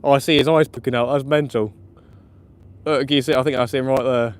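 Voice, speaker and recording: A man commenting live on his night fishing session, chatty and excitable, laughing often, outdoors by the water. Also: medium pitch, a little fast. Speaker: fishing vlogger. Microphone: camera or phone mic on a live stream.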